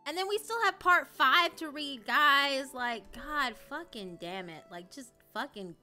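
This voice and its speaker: A young woman streaming live, chatting casually and emotionally, swearing often and swinging between loud outrage and low dejected mumbling. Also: lively intonation, a little slow, soft background music. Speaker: streamer reacting to a story.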